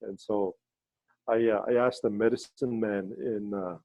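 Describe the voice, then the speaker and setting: A man leading a ceremony, telling stories in a halting way with many fillers and restarts, over a video call. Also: fairly even intonation, dry recording, highs cut off. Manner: halting, with many fillers and restarts, voices quoted people in a higher pitch. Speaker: ceremony leader and storyteller. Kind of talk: storytelling talk on a video call.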